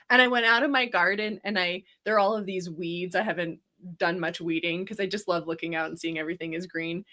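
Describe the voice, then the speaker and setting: Bright-voiced woman, casual storyteller, lively with frequent laughs and fillers. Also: lowish voice, fairly quick, hardly any pauses. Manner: animated, laughing often, many fillers.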